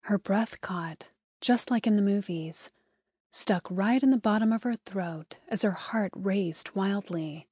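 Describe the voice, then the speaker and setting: A woman narrating an audiobook in smooth, even scripted storytelling, recorded close on a studio mic. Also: mid-range voice, slow pace, no echo.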